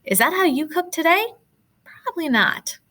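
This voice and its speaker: A woman's voice: very high-pitched, lively intonation, normal speed, bright, forceful tone. A woman teacher going patiently through worksheet answers step by step, encouraging her pupils as she explains. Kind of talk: recorded classroom lesson.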